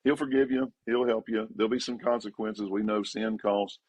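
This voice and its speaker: A man, a pastor talking in a casual podcast conversation, emphatic and repetitive, pitch jumping up when he stresses a point. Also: steady tone, normal speed, a little mellow, no room sound.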